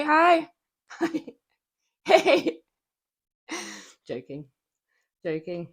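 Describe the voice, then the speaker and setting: A woman with a slightly low voice chats casually to her viewers during a workout, breathing hard between sentences. Her talk is playful and chatty, and she laughs easily. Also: darkish tone. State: out of breath from exercise. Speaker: livestreamer. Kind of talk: casual livestream chat while working out. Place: home flat.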